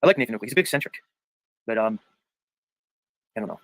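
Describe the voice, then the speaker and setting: A man's voice: on the low side, animated, fast, fairly bright tone, dry recording, rough recording. A man hosting a livestream panel in casual chat, reading viewer comments aloud and arguing his points emphatically, with lots of "dude" and "bro". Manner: argumentative, repeats points for emphasis.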